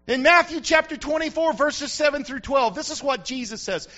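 A male pastor preaching an emphatic sermon that builds to shouts, recorded on a dull lo-fi recording. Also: extremely high pitch, moderate pace. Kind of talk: fiery sermon.

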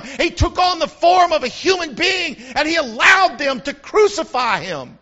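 A man preaching a sermon as a pastor, building to shouts and calling out to the congregation. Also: extremely high pitch, lively intonation, normal speed, few pauses. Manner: preaching with rising shouts and call-and-response. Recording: dull lo-fi recording.

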